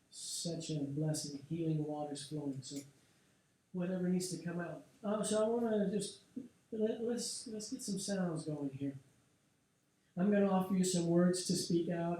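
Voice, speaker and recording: A man with a fairly high, mellow voice gently guides a group through a tapping session, inviting and encouraging. He is recorded from well away from the mic in a very echoey room, with faint noise behind. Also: far from the mic. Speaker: workshop leader. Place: workshop studio room.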